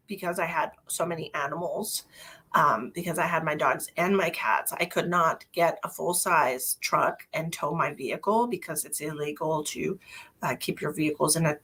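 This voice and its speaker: A woman's voice: on the low side, fairly bright tone, slightly rough. A middle-aged woman hosting a casual live stream as a psychic medium, rambling chattily to her viewers with lots of fillers.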